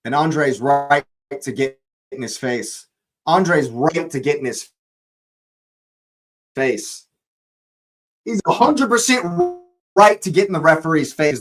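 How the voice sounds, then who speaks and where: A man's voice: mid-range voice, poor audio. A young man hosting a live football watch-along, ranting angrily at the referee, swearing and repeating himself.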